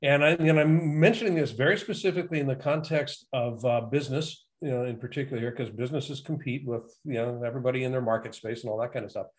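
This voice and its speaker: A man's voice: medium pitch, quick pace, hardly any pauses. A man hosting a conversational interview, musing aloud and asking long, winding questions. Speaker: host.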